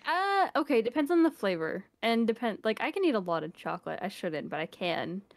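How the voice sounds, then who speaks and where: A woman hosting a casual chat, ranking candy, animated and quick to laugh. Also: fairly high pitch, dry recording.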